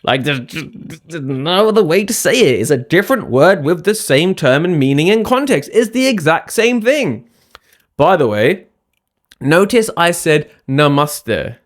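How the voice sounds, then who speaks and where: Chatty man with lively voice. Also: high voice, normal speed. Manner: chatty, emphatic, asks "yeah?" often. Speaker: spiritual science vlogger. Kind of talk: casual talking-head vlog.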